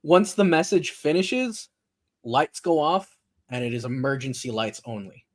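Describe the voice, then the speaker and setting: This man's voice sits on the high side as he narrates a tabletop RPG as game master, relaxed yet halting and peppered with fillers.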